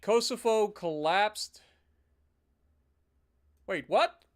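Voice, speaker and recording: High-voiced man streaming a game. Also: very slow. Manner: casual, animated, swears and mock-rants. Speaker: gaming streamer. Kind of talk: live gameplay commentary.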